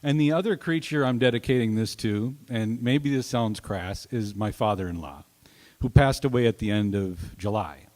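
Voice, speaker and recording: A man introducing his songs at an open mic, soft-spoken and halting, pausing often, speaking into a stage microphone. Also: on the low side. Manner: soft-spoken, halting, with many pauses and fillers. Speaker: singer-songwriter performing at an open mic. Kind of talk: casual stage talk between songs. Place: small arts venue stage, indoors. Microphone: stand microphone on stage. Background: guitar playing.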